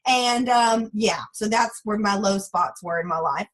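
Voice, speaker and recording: A woman's voice: medium pitch, measured pace, rough recording. A woman in her thirties with a drawl, giving a frank, chatty motivational talk to a sales team. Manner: chatty, frank and animated, acts out quoted voices. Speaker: guest speaker for a sales team.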